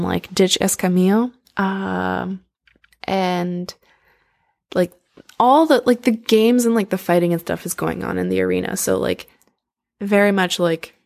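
In a fairly low, slightly mellow voice with vocal fry, a young woman casually recounts the story of an opera. She rambles through it, leaning heavily on "like" and dropping in plenty of "um."

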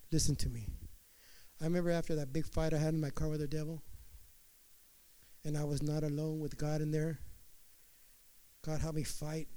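A man preaching a sermon and giving a personal testimony, with an impassioned, repetitive preaching cadence that swings between hushed and loud. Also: fairly high pitch, poor audio.

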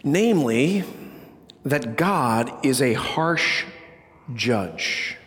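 A man preaching a sermon to a congregation, animated, with loud bursts and hushed low passages. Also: extremely slow, in a large hall. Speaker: pastor. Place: church sanctuary.

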